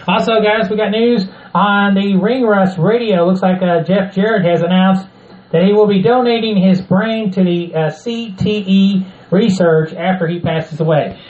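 A man's voice: sits high, normal speed, darkish tone, roomy sound, dull audio. A man hosting a wrestling news podcast, opening with announcer-style introductions and reading news items. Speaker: podcast host. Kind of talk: casual wrestling news chat.

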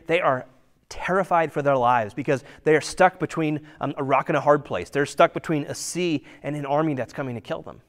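Conversational preacher, a man with a slightly higher voice. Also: brisk. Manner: conversational, many rhetorical questions. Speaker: pastor. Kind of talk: sermon.

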